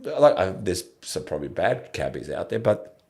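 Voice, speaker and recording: Low, gravelly podcast host, rambling. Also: male voice, sing-song, a little mellow. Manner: rambling, reflective, halting restarts. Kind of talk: casual conversational interview.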